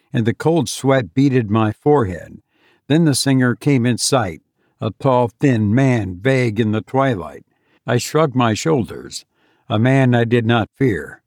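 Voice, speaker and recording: A man reading a first-person adventure story aloud in a measured, deliberate way. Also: mid-range voice, a little mellow, dry recording, clean studio sound. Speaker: narrator.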